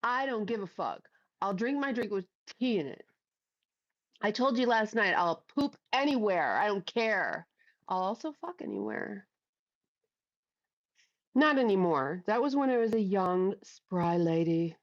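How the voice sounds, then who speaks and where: A woman's voice: medium pitch, lively intonation, measured pace, pauses often, muffled recording. A middle-aged woman hosting a casual livestream on a headset, chatting bluntly with plenty of swearing and reading out viewers' comments. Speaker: livestream host. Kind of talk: casual live chat. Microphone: headphones with mic.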